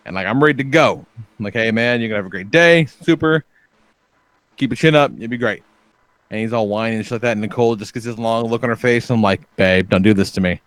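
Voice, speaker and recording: A man in his thirties co-hosts a casual podcast, spinning laid-back stories with plenty of swearing and chuckles. His pitch sits in the middle of the male range. The mic is close and dry, with no room sound. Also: fast, a bit bright, no room sound. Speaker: podcast co-host.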